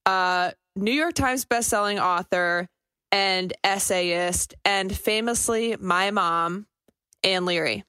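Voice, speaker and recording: A woman's voice: medium pitch, slow pace, pushed and bright, clear, resonant tone, dry recording. A young woman co-hosting a podcast in casual chat, riffing sarcastically and acting out quoted asides. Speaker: podcast co-host.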